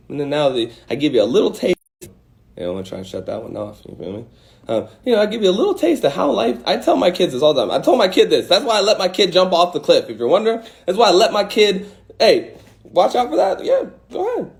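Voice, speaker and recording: A man's voice: on the high side, a little mellow. A man hosting a casual livestream, talking into a phone with emphatic rhetorical questions and blunt swearing. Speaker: host of an Instagram live. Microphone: phone mic.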